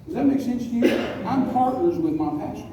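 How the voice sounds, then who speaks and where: A man preaching a folksy storytelling sermon, slowing down to stress key words. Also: extremely high pitch, lively intonation, warm tone, muffled recording. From West Texas. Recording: echoey hall, distant mic, faint noise.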